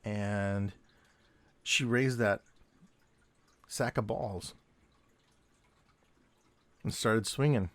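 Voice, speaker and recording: A man's voice: fairly low pitch, fairly even intonation, extremely slow, gravelly, long pauses, dry recording. A man telling rambling stories from his days as a security guard while he draws, drifting off topic and chuckling often. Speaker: artist and vlogger, former security guard. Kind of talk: casual storytelling while drawing. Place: home desk at night, drawing.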